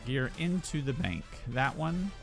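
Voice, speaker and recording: A man's voice: mid-range voice, a little slow, creaky, soft background music. A young man chatting casually on a game live stream, telling stories with playful jokes and acted-out voices. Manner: animated storyteller who acts out voices and jokes.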